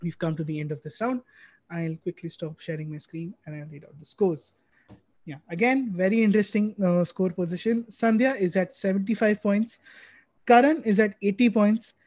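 A man runs a live quiz stream in a chatty, brisk way. He rattles through lists of names at speed. He speaks through a computer mic on a video call. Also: sits high, fairly even intonation, a little mellow, dry recording. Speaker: quiz host.

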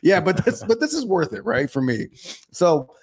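A man's voice: high voice, wildly swooping pitch, moderate pace, slightly rough. A man hosting a podcast, telling a card-table story in loose, profane casual chat that is full of laughter. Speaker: podcast host.

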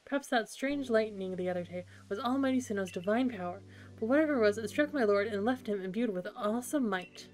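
A woman's voice: fairly high pitch, fast talker, a little mellow, lightly acted. A woman voicing a boastful young boy warden in a game, grandiose and self-assured, over game music. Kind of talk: reading game dialogue aloud.

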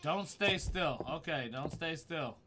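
A man's voice: a little high, lively intonation, slow pace, background noise. Profane man yelping through a horror game. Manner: profane, jumpy, talks back to chat. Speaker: game streamer. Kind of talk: live gaming stream commentary. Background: game music.

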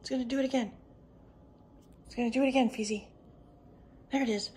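A woman filming at home by a window, exclaiming excitedly, cooing baby talk and dropping into whispers. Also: a little high, moderate pace, pauses often, a little hiss or hum. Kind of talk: casual home video commentary.

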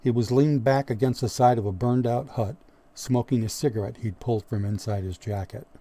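A man reads an audiobook in a steady, measured manner. His voice is mellow and dark, at an ordinary male pitch. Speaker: audiobook narrator. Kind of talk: scripted narration.

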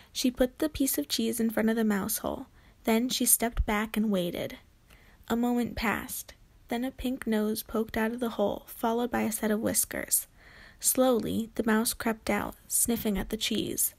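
A woman reads a children's chapter book aloud. Her storytelling is gentle and clear, in a fairly high voice. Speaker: narrator.

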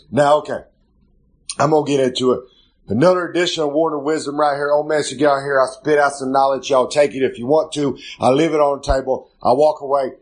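A man's voice: medium pitch, breathy edge. A man rambling loosely through a comic podcast segment from his home kitchen, talking about himself in the third person. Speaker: wrestler hosting a recurring podcast segment.

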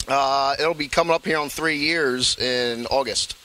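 A man's voice: mid-range voice, a little slow, pushed and bright, poor audio. A man who works as a brewmaster, answering interview questions at a brewery in a matter-of-fact, explanatory way.

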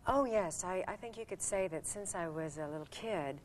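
A woman's voice: fairly low pitch, normal speed, a little hiss or hum. An older woman in a casual interview, telling stories and acting out past conversations. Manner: animated storytelling, acts out past dialogue.

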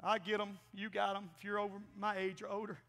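A middle-aged man preaching a folksy, animated Pentecostal sermon as pastor in a church. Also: high-pitched, fast. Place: church sanctuary. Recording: long church-hall reverb.

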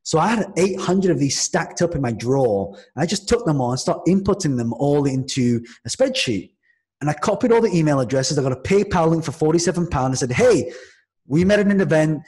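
A man from Manchester, a podcast guest, telling a lively story in casual conversation, with frequent restarts and acted-out quotes. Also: a little high, brisk. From Manchester, England.

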